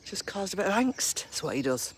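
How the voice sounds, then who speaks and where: A woman talking casually to her viewers as she walks through a park at dawn. Her voice swings up and down a lot, rising to a high coo whenever she calls her dogs. Faint outdoor noise and birdsong sit behind her. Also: big pitch swings, brisk. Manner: chatty, coos at her dogs in a high baby voice. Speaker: vlogger walking her dogs. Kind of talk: casual live-stream chat while walking. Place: woodland park outdoors, early morning.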